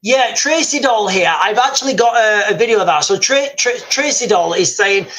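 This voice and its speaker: A man's voice: high voice, lively intonation, normal speed, fairly bright tone. Rambling man on a livestream. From United Kingdom. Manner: rambling, hesitant, reads viewer comments aloud. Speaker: livestream host. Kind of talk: casual livestream chat.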